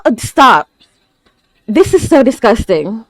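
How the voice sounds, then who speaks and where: Reaction host, woman: high voice that swings wildly, gasping and stammering exclamations, dry close sound. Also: big pitch swings, unhurried, pauses often, no echo. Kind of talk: live anime reaction commentary.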